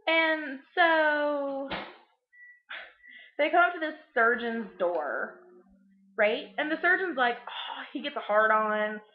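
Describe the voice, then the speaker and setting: A young woman with a higher voice rambles through a crude, sarcastic movie recap, full of fillers. She is recorded in an echoey room. The sound is muffled and lo-fi. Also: animated, takes it slowly, pauses often, slight background noise. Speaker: vlogger. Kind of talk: casual movie recap vlog.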